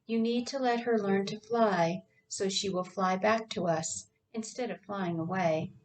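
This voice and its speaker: A woman voicing a gentle, affectionate middle-aged husband and father. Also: mid-range voice, measured pace, distant mic, lightly acted, poor audio. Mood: tender.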